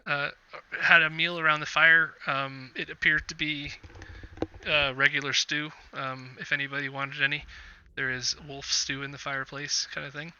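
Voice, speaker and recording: A man's voice: fairly high pitch, little pitch movement, moderate pace, bright, forceful tone, highs cut off, a little hiss or hum. A man running a tabletop game as game master, rambling with many fillers.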